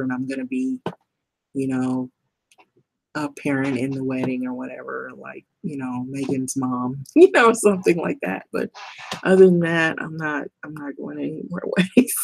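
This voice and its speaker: Gravelly, husky middle-aged woman. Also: rumbling low, darkish tone. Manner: rambling, blunt, swears, laughs often. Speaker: vlogger. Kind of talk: casual monologue to camera.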